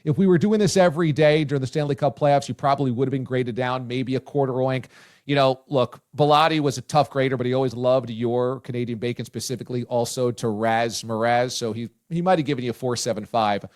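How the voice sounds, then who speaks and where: A man hosting a sports talk show, loud and enthusiastic, often shouting his praise. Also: medium pitch, fairly even intonation, fairly quick. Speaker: sports radio host.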